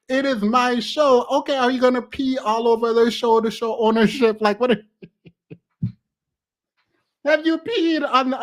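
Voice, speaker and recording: A woman reacting to a clip in casual commentary, outspoken and laughing often between remarks. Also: on the high side.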